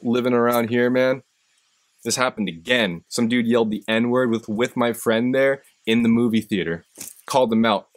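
A man's voice: medium pitch, steady tone, normal speed. A man hosting a live stream, telling stories and giving a profane, impassioned motivational speech that rises in intensity when he gets fired up. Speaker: host.

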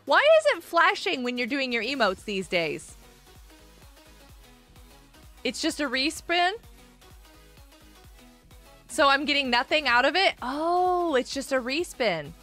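A woman's voice: sits high, expressive, slow, long pauses, a bit bright, faint music behind. A woman streaming a game, chatting casually with her viewers, answering chat aloud and laughing often.

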